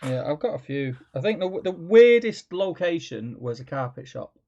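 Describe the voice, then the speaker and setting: A man's voice: a little high, very animated, moderate pace, vocal fry, darkish tone. A man co-hosting a casual livestream chat, with short dry remarks. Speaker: co-host. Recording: dull lo-fi mic.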